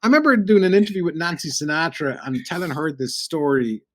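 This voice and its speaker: A man's voice: a little high, quick pace. Cork Irish man telling radio stories. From Ireland. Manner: animated anecdotes, acts out quoted voices. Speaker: podcast guest, radio broadcaster. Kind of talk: casual chat, storytelling.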